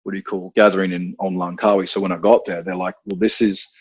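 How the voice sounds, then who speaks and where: A man's voice: low voice, little pitch movement, fast, slightly rough, no room sound, lo-fi sound. An Australian man telling stories on a podcast, rambling with fillers and swearing freely. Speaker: guest, self-defense instructor. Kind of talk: casual podcast storytelling.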